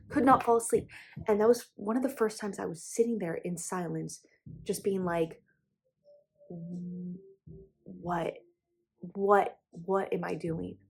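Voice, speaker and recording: A young woman speaking candidly to her channel in a personal confessional vlog, emotional and close to tears, with frequent restarts and fillers. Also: mid-range voice. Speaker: vlogger.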